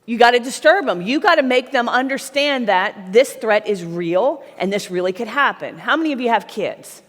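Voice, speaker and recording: A woman's voice: fairly high pitch, expressive, moderate pace. Blunt woman speaker in a reverberant hall. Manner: blunt, emphatic, talks to the audience with frequent "right?". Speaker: sales trainer speaking at a conference. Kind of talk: live seminar talk. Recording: long reverb of a large hall.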